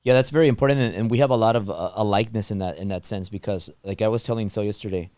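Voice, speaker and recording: Low-voiced man with a strained, fading voice. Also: rapid-fire, darkish tone, no echo. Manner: rambling, many restarts and fillers. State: losing his voice, strained throat. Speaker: podcast host. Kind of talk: casual interview chat.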